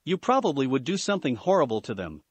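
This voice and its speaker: A woman's voice: a bass voice, very animated, fast talker, a little mellow, slightly rough, no room sound, exaggerated voice. A man voicing a cheerful, bubbly teenage girl acrobat in a fan-fiction story reading.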